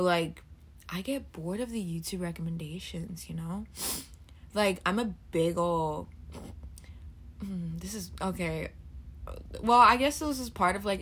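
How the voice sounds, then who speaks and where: Young woman, solo podcast host, low-ish voice, rambling, swears a lot, throaty morning voice. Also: a bit bright. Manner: chatty, swears freely, rambling asides. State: throaty from just waking up.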